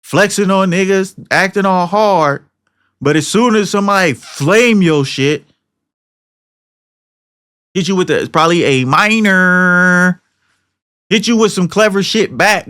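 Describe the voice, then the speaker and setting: A man's voice: high-pitched, measured pace, pauses often, bright, forceful tone, clean tone. A young man co-hosting a podcast, ranting in a heated, profane, slangy and rambling way. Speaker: podcast co-host. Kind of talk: casual podcast rant.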